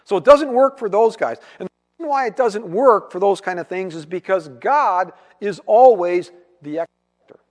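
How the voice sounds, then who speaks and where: A man's voice: high voice, lively intonation, moderate pace, darkish tone. A man preaching a conversational sermon as pastor, acting out quoted voices as he goes. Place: church sanctuary. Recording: long church hall reverb.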